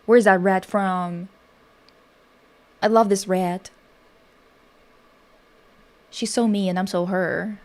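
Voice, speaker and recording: A woman's voice: mid-range voice, fairly even intonation, slow pace, pauses often. Rambling, profane woman streamer. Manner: rambling, profane, self-interrupting. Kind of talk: casual livestream commentary.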